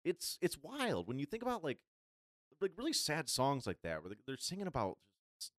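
Lively mid-pitched man, emphatic podcast co-host. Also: fairly quick, no room sound, clean studio sound. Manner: animated, emphatic agreement. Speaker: guest co-host. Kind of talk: casual chat.

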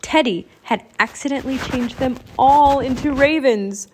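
A woman with a somewhat high voice reads a children's adventure book aloud. Her narration is clear and expressive, paced for young listeners. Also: normal speed, few pauses, a little hiss or hum. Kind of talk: audiobook reading.

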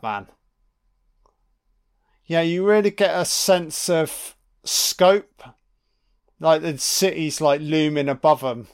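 A man giving casual, sweary commentary on a film, talking back to the characters on screen. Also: fairly high pitch. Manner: sweary, mocking asides to the screen.

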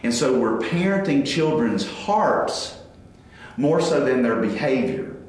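A man in his forties giving a faith-based parenting talk, animated and acting out family dialogues. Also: mid-range voice, takes it slowly. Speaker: parenting speaker. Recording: very echoey room.

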